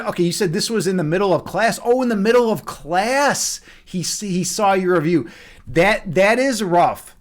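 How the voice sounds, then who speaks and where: A man hosting a livestream in casual chat, excitable and swearing often, repeating his phrases as he talks. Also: fairly high pitch. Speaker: livestream host.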